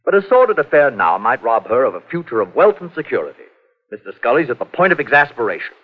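A man's voice: medium pitch, big pitch swings, quick pace. An actor playing a pompous, fussy male physician who talks at length, hemming and coughing, in 1940s radio acting. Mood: placating. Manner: pompous, long-winded, hemming with uhs and coughs. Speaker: doctor. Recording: muffled 1940s radio broadcast.

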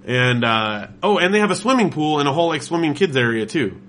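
Bright-voiced storytelling man from California. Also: fairly high pitch, animated, brisk, slight background noise. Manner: enthusiastic rambling storyteller, many fillers. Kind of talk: casual chat.

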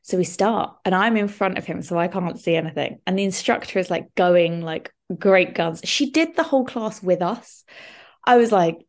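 A young woman telling a story in a casual podcast chat, animated, with lots of "like". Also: on the low side, normal speed. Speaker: podcast co-host.

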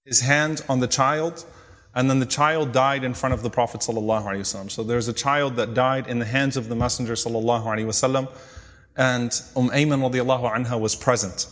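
A man giving a storytelling religious lecture, explaining in an earnest way with pauses and restarts. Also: medium pitch, fairly bright tone. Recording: long hall reverb.

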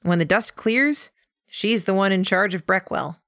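A woman voicing a wry, tired young man in a dry, measured way. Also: mid-range voice, fairly bright tone, no room sound.

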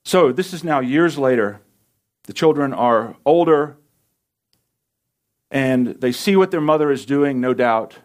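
A man delivers a Bible teaching sermon in a conversational, emphatic way. His voice sits in an ordinary middle register, and he lifts it for animated asides before settling back into steady explanation. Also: mid-range voice, measured pace, pauses often. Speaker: pastor.

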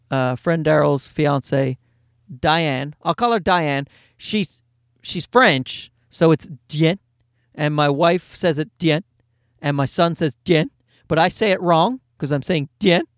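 A man's voice: high voice, a bit bright, no room sound, clean studio sound. A man of forty telling rambling, wry comic stories in a casual monologue, with some swearing. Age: 40s. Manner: rambling, wry storytelling with profanity.

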